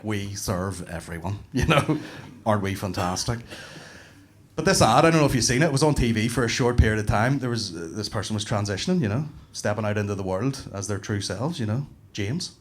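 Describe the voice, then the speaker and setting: Man, Northern Irish accent, stand-up comic, sweary, animated, comedy club stage. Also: mid-range voice, slight background noise. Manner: profane, animated storytelling with bursts of laughter.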